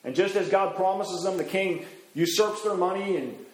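Male preacher, conversational teaching sermon, high voice, echoey room. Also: moderate pace. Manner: conversational, acts out quotes. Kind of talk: expository sermon.

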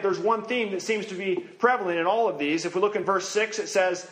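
A man with a high-pitched voice delivers a sermon as pastor. He preaches earnestly, slowing down and sinking low as he finishes each scripture line. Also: fairly bright tone.

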